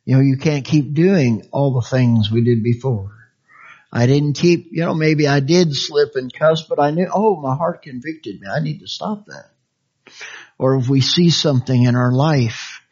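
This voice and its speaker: A man preaching a sermon in a conversational, folksy way, with frequent chuckles and big swings between high, lively phrases and soft, quiet ones. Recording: dull lo-fi sound.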